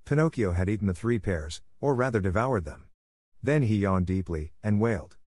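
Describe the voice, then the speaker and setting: A man reads a classic children's story aloud in a steady, measured way. His voice sits low for a man. The recording is dry and close, with no room sound around him. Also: no room sound. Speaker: audiobook narrator. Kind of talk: storybook narration.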